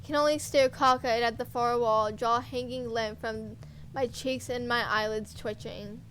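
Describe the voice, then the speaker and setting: A woman's voice: on the high side, steady tone, unhurried, fairly bright tone, a little hiss or hum, poor audio. A woman streamer reading a horror visual novel aloud in first person, intense and dramatic, with offhand asides.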